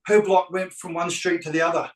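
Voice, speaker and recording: Male agent, slightly high voice, animated anecdote, acts out dialogue; roomy, off-mic sound. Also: a little fast, distant mic. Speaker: real estate agent telling a story. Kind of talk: anecdotal storytelling.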